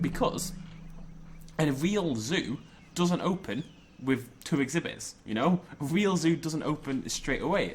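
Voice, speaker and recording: Lively chatty man playing a game. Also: mid-range voice, slight background noise. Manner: chatty, jokey, rambling with self-corrections. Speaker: gaming YouTuber. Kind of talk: casual game commentary.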